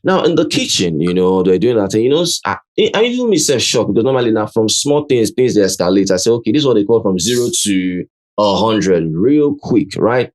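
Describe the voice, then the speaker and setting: A man's voice: lowish voice, brisk. A man with a Nigerian accent hosting a casual recap chat, acting out quotes and filling his talk with "you know" and "right?". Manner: animated, acts out quotes, many "you know" and "right?" fillers. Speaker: show host.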